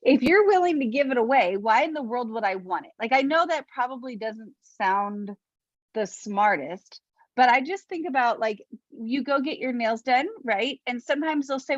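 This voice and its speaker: A woman's voice: on the high side, animated, moderate pace, no echo. A woman hosting a training call, reacting with enthusiasm and giving emphatic coaching. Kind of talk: casual coaching chat. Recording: dull lo-fi dry sound.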